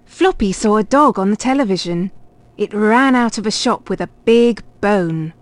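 A woman reading a children's picture book aloud, clear and expressive. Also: medium pitch, moderate pace. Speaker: storybook reader.

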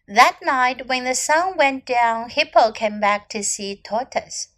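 A woman English teacher reading a children's story aloud, line by line, in a slow and clear storytelling manner. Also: sits high, expressive, fairly bright tone.

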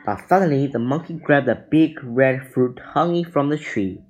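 A man reading a children's adventure book aloud, deliberate with small slips. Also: medium pitch, expressive, rough recording. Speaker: reader.

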